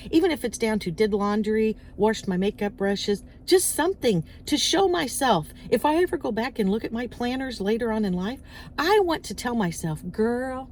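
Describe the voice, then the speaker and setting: A woman with a fairly high voice rants casually into her phone while waiting outdoors, and she bounces from story to story, acting out little voices. Her delivery is animated and chatty. A faint outdoor hum sits under her voice. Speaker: vlogger. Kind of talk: casual chatty rant to camera. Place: outdoors, waiting in parked car area.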